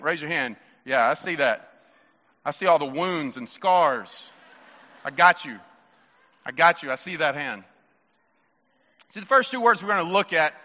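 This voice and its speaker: A man preaching a sermon in an animated, playful way, talking with the congregation. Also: a little high, big-room sound, dull audio. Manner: animated, playful, talks to the crowd.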